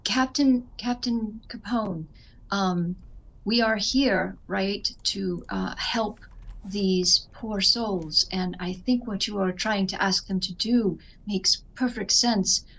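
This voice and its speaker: A woman voicing a female adventurer who calmly reassures a captain and a group of prisoners. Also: medium pitch, slow pace, a little hiss or hum, rough recording. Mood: earnest, reassuring.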